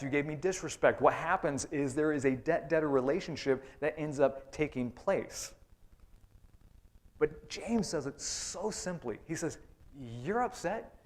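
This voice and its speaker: A slightly high-pitched man delivering a church sermon. He slips into the voices of imagined listeners, then answers them in a plain, conversational tone. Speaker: pastor. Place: church sanctuary.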